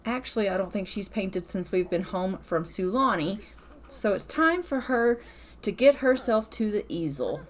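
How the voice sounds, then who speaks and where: Woman, gaming host, casual let's-play narration, chatty, playful, medium pitch. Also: lively intonation, moderate pace, a little hiss or hum. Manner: chatty, playful, laughs often.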